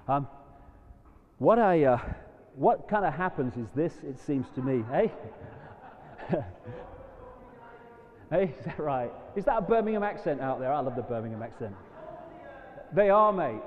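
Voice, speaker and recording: Man, rambling fervent lecture, slightly high voice, muffled old recording. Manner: impassioned, rambling, preachy. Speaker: public speaker. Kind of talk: live lecture to an audience. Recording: dull lo-fi recording in a long-reverb hall.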